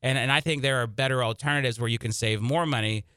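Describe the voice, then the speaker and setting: A man hosting a personal finance radio show, giving emphatic, energetic advice. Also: mid-range voice, fast talker, smooth, no echo, clean studio sound.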